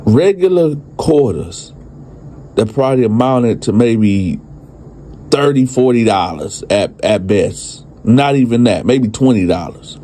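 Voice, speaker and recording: A man's voice: medium pitch, lively intonation, measured pace, dark tone, a little hiss or hum. A man telling a true crime story from his own life in a casual, profane style, talking to his listeners as y'all. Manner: profane street slang, addresses listeners as y'all. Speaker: storyteller and channel host.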